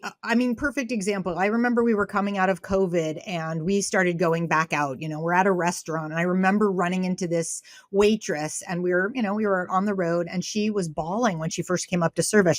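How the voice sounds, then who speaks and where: A woman's voice: lowish voice, no echo, studio quality. A woman guest in an interview, speaking with animation and acting out quoted dialogue as she tells stories. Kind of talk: conversational interview.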